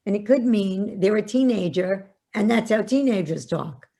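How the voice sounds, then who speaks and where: An older woman, a podcast guest, telling family stories with lively acted-out quotes. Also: mid-range voice, normal speed, vocal fry. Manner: animated storyteller, acts out quotes. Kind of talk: storytelling in a podcast interview.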